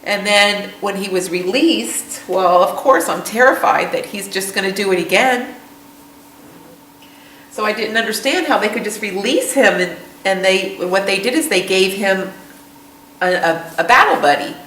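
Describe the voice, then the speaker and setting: A middle-aged woman, a veteran's mother, telling her story in a documentary interview in a somber, halting way. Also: medium pitch, a bit bright, roomy sound, far from the mic, slight background noise, poor audio.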